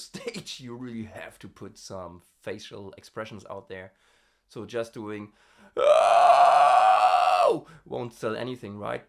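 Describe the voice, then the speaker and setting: A casual vocal practice diary voice, explaining scream technique in a relaxed, halting way. The delivery is unhurried and the pitch swings widely. The tone is bright and edgy, with plenty of gravel underneath. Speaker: harsh vocals hobbyist.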